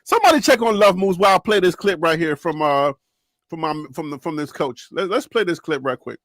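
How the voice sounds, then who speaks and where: A woman hosting a casual live sports talk show, animated and laughing often as she teases her co-hosts. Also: lowish voice, brisk, dry recording, clean studio sound.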